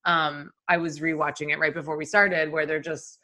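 A woman's voice: low voice, level tone, normal speed, sharp tone. A young adult woman co-hosting a podcast, gushing in casual film chat, full of fillers. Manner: gushing, filler-heavy, laughs easily. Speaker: podcast co-host.

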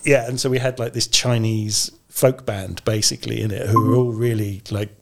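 This is a low-pitched man with a gravelly, creaky voice. He chats casually as the guest in an interview. He rambles, restarts his sentences and laughs often. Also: fairly even intonation, moderate pace. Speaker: guest orchestrator.

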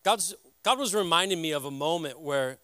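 A middle-aged man preaching a sermon as a pastor, earnest and halting, speaking from the heart. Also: a little high, animated, pushed and bright, no echo, studio quality.

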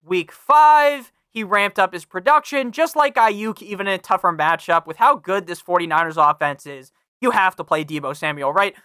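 Young man, podcast host, casual sports talk, swears a lot, bright voice, dry recording. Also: high-pitched, lively intonation, moderate pace, few pauses, clean tone, no room sound. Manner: brash, swears freely, talks to listeners directly; reads a sponsor ad. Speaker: fantasy football podcast host. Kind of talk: casual profane sports analysis.

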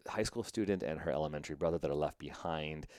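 Very deep-voiced joking male host. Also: darkish tone, dry recording. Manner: joking and rambling, quick to laugh. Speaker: podcast host. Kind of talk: casual chat and interview.

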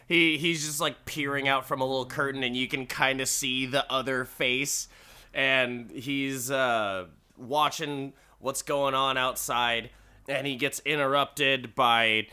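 A man's voice: mid-range voice, slow pace, bright, forceful tone, clear, resonant tone. A man casually and crudely recapping a story, rambling and laughing at his own jokes. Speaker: podcast host recapping an episode.

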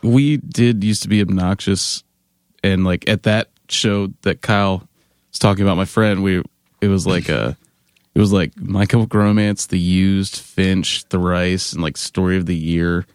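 A man in a band telling animated, laughing tour anecdotes in casual chat, mimicking other people's voices. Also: low voice, a little slow, smooth, no echo, clean studio sound. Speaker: band member guest.

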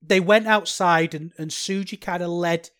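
A man's voice: high voice, fairly even intonation, normal speed, a bit bright, smooth. A man hosting a podcast, talking through a wrestling review in a rambling, chatty, self-deprecating way. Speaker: podcast host. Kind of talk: solo podcast commentary.

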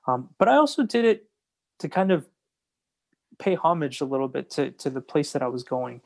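A man's voice: on the high side, very animated, normal speed, gravelly, a little mellow. A man talking casually as a host, earnest and agreeable, repeating words as he gathers his thoughts. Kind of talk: casual conversation.

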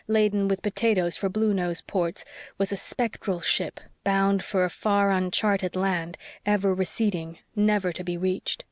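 A woman narrating a classic novel as an audiobook, with measured, expressive storytelling. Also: medium pitch, no echo, studio quality. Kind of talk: scripted narration.

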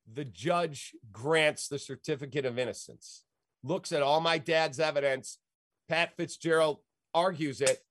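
A middle-aged man with a slightly raised pitch tells stories like the radio host he is, emphatic and folksy, wandering from point to point. The sound is dry and close, with no room around it. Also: dry recording. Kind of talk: animated storytelling in an interview.

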